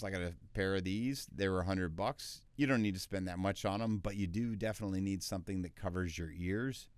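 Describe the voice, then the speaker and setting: A man with a lower voice gives an easygoing tutorial, quick and loose with filler words. He is recorded in a small, dry home space. The tone stays relaxed and informal. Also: clean tone, no echo. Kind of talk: casual tutorial talk.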